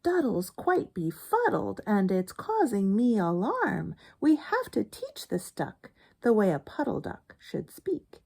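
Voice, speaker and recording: A woman's voice: mid-range voice, huge pitch swings, takes it slowly, vocal fry, few pauses, darkish tone, slightly rough, full character voice. A woman voicing a fussy, bossy hen who scolds in a squawking storybook voice. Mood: alarmed.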